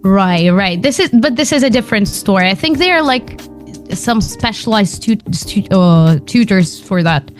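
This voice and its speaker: A woman's voice: mid-range voice, expressive, normal speed, soft background music. A woman with a slight British tinge, chatting as an interview guest, laughing often and repeating words. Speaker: guest, homeschool consultant and teacher. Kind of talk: casual interview chat.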